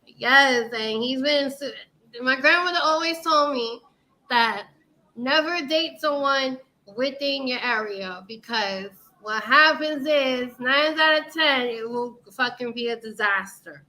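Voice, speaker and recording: A woman from New York hosting a casual livestream chat, loud and laughing with lots of swearing. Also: high-pitched, slow. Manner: loud, laughing, profane banter. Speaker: livestream show host. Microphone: livestream setup, video call.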